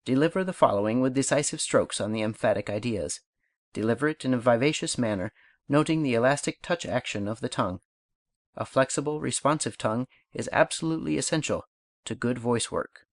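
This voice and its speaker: A man reading an audiobook aloud, reciting verse and instructions in a measured, unhurried way. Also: medium pitch, lively intonation, no echo, studio quality. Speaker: audiobook reader. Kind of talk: scripted audiobook narration.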